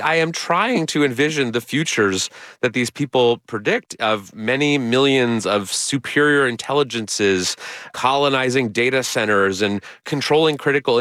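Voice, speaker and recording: A middle-aged man, a journalist and author, giving measured, earnest explanations as a guest in a radio interview. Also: mid-range voice, a bit bright, dry recording.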